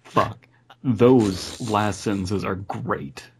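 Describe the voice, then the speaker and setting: A man's voice: lowish voice, steady tone, very slow, darkish tone, a little hiss or hum. A man co-hosting a podcast, chatting casually, swearing and reading a horror story aloud. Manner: swearing, enthusiastic, dry asides. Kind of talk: casual chat and read-aloud.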